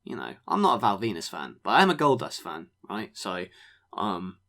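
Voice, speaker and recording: A man co-hosting a podcast, recapping wrestling matches in a relaxed way, full of ums. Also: lowish voice, normal speed, gravelly. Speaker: podcast co-host. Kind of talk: casual review chat.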